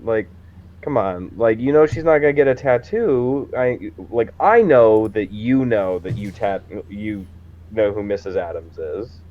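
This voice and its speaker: A man playing a tabletop game, casual and laid-back, slipping into character banter. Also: medium pitch. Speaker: player. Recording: muffled lo-fi mic.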